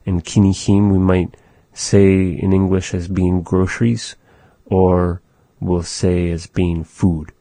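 A man giving a spoken language lesson, explaining phrases in a thoughtful, halting way as he searches for words. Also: deep voice, dark tone, dry recording. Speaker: language teacher.

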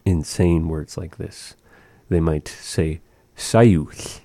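Slow, deep-voiced man teaching words. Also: little pitch movement, warm tone, no echo. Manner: slow, patient, repeating words for practice. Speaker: language teacher. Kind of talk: language lesson.

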